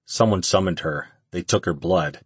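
Narrator doing a gruff bossy leader guy, deep husky voice, dry. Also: normal speed, dry recording. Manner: gruff, commanding. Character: commanding male leader, gruff and blunt.

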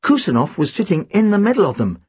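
A man reading a first-person story aloud in an expressive, animated way. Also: sits high, quick pace, breathy edge, no room sound. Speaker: audiobook narrator.

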